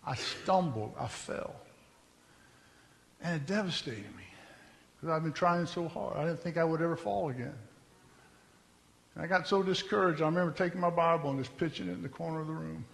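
A man's voice: fairly high pitch, fast talker, creaky, a bit bright, in a large hall. A man telling his testimony from the pulpit in an earnest, conversational storytelling manner. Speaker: preacher giving his testimony.

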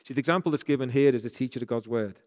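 A man's voice: mid-range voice, racing, a little mellow. Male pastor, northern english accent, earnest sermon, repeats key phrases, long church-hall reverb.

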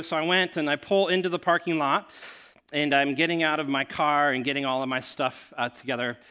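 A man preaching to his church, first praying and then telling a story, with many fillers and restarts. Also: on the high side. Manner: grows animated and laughing while telling a story. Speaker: pastor. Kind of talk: sermon with storytelling.

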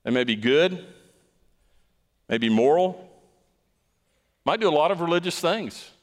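A man's voice: fairly high pitch, expressive, unhurried, in a large hall. A man preaching a sermon as pastor, emphatic and stressing points by repeating words.

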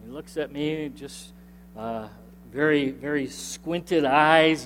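Earnest pastor telling a story in a reverberant hall. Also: male voice, takes it slowly, a bit bright, slight background noise. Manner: earnest, emphatic storytelling that rises in pitch at key points. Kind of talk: sermon storytelling. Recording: long reverb of a large hall.

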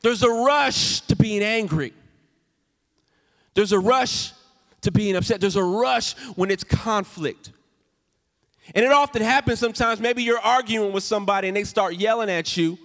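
A man preaching a sermon as pastor, swinging from loud emphatic lines to soft, hushed storytelling. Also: high-pitched, moderate pace, long reverb tail. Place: church sanctuary.

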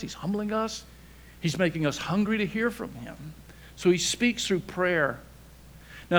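An older man, a pastor, preaching a sermon in a folksy, humorous way, sometimes dropping to a hushed near-whisper for emphasis. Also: high voice.

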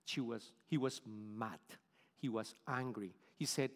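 A man's voice: medium pitch, unhurried, big-room sound. A middle-aged man from Colombia with a Colombian Spanish accent, preaching a sermon in English, his second language, earnestly and often repeating words while searching for phrasing. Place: church sanctuary.

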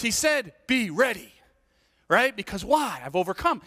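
A man's voice: extremely high pitch, unhurried. A middle-aged man preaching a sermon, telling stories with playful asides and checking in with the congregation. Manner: animated storytelling, playful asides, rhetorical "right?". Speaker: pastor. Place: church sanctuary. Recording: long reverb of a large hall.

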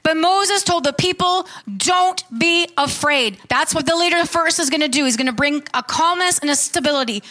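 A woman's voice: high-pitched, fairly quick, few pauses, bright, forceful tone. A woman preaching a sermon, fervent and calling questions out to her congregation.

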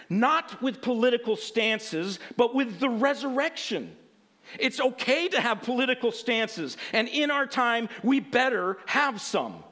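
A man preaching a sermon, animated, often laughing and restarting phrases, then reading a passage aloud. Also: very high voice.

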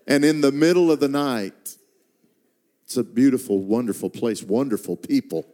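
A man's voice: medium pitch, expressive, moderate pace, warm tone. A middle-aged man, a traveling preacher, telling a personal story in a sermon and swelling into impassioned prayer before a congregation. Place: church stage before a congregation.

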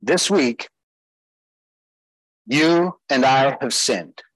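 A man's voice: medium pitch, animated, very slow, slightly rough, dry recording, low-quality recording. A man preaching a sermon as pastor, emphatic, putting rhetorical questions to his listeners.

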